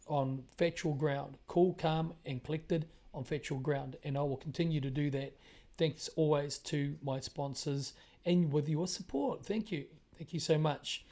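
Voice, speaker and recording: Running his own show as an independent broadcaster, this New Zealand man talks through current events in a monologue. His voice sits a little high and sounds warm, and he drives points home emphatically by repeating phrases.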